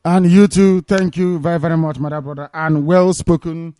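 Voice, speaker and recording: A man's voice: fairly high pitch, fairly even intonation, moderate pace, warm tone, dry recording, studio quality. A man hosting a live call-in radio broadcast, talking emphatically and repeating his points. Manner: emphatic, repetitive preaching talk. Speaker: radio show host.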